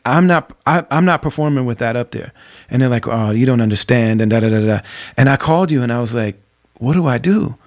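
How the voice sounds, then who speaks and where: Podcast host, man, middle pitch, rambling storyteller. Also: a little mellow. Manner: storytelling, many fillers like "you know". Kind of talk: casual interview conversation.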